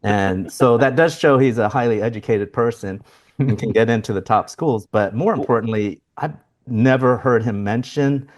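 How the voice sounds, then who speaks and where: A man's voice: mid-range voice, normal speed. A man co-hosting a podcast, introducing a guest in a rambling, good-humored way. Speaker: podcast co-host.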